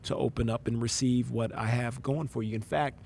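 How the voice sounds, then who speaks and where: Animated man telling a faith story. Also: mid-range voice, normal speed, vocal fry, slight background noise. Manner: animated, acts out quoted voices, casual slang. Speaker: pastor. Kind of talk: storytelling in a conversation.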